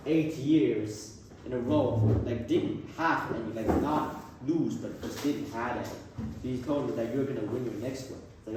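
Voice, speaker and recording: Teen boy storyteller, mid-pitched, slangy and rambling, distant mic in a boomy room. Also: normal speed, noisy background. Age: teens. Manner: rambling, slangy, self-correcting. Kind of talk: casual retelling of a classic. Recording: very echoey room from far off.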